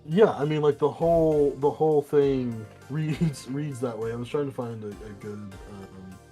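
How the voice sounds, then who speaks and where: A man's voice: mid-range voice, dark tone, faint music behind. A man co-hosting a podcast, recapping a comic book in a casual, rambling, profane way and briefly acting out the characters' lines. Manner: rambling, profane, acts out characters in quick asides. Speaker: podcast co-host.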